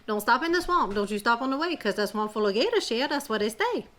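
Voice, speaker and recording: A woman puts on a bossy Cajun mama rattling off instructions and warnings with a put-on accent. The voice sits a little higher and louder than her own, for a storybook reading. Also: big pitch swings, fast talker. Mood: stern. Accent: imitation Cajun. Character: firm, caring Cajun mother.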